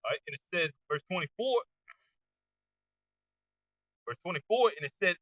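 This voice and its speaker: A man reading Bible verses aloud to a study group, with quiet asides between the verses. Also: high voice, animated, normal speed, long pauses, no echo. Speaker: scripture reader in a study group. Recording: distant, dull lo-fi, dry.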